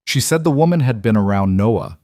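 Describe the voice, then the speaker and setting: A man voicing a grandmother in her sixties who speaks in a measured, controlled way while holding back tears. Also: medium pitch, lively intonation, a little mellow, no echo, clean studio sound, natural voice. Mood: strained calm.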